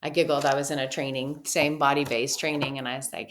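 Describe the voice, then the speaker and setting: A woman guest on a podcast, a clinical officer at a treatment center, telling lively stories and acting out quoted dialogue. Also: very deep voice, fast talker, few pauses. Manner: lively storyteller who acts out quoted dialogue. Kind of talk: podcast conversation, storytelling.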